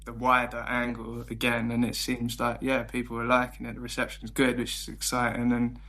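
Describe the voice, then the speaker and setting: Young London band member, very monotone, hesitant and halting in interview. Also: male voice, medium pitch. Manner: hesitant, searching for words, flat delivery. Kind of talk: casual interview chat.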